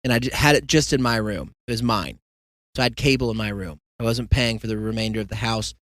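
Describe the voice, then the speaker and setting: A man's voice: fairly low pitch, fast, a bit bright, no echo, clean studio sound. A young man hosting a show, telling a rambling, joking story in casual solo talk. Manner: rambling storyteller, joking asides and mock quotes. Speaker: podcast host.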